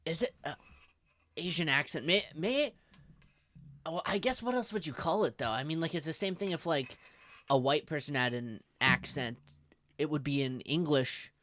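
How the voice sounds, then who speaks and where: A man's voice: fairly high pitch, animated, normal speed, fairly bright tone. An American man co-hosting a casual podcast chat, thinking aloud in a rambling way with many likes and restarts. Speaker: podcast co-host.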